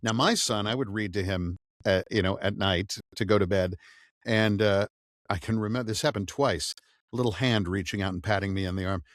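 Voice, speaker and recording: A man's voice: on the low side, a little fast, no echo, studio quality. A middle-aged man, an audiobook narrator, talking casually in an interview and telling stories animatedly. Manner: animated storyteller, acts out quoted dialogue.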